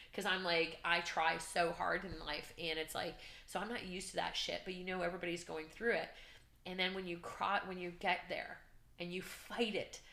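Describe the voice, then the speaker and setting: Woman guest, candid storytelling, forceful bright tone, lowish voice, roomy echo. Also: gravelly. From Canada. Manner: animated, acts out shouts and inner voices; emotional, earnest. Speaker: podcast guest, business coach.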